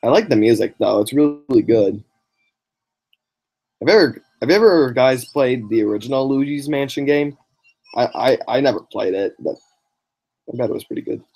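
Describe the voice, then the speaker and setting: A man's voice: medium pitch, lively intonation, normal speed, pauses often, a little mellow. A man giving casual running commentary while playing a racing game on a livestream, reacting with exclamations and short laughs. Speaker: gameplay livestreamer.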